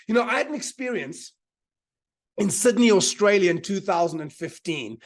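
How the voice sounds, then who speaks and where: In a high-pitched voice with lively intonation at normal speed, a man runs a live online motivational seminar as a mind power teacher. He's energetic, repeats key lines to drive them home, and keeps urging the audience to reply in the chat.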